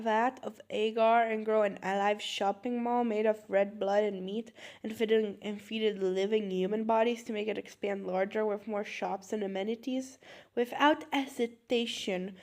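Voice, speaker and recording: A woman reading social media posts aloud for comedy, swinging between deadpan mutters and loud outbursts. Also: medium pitch, normal speed.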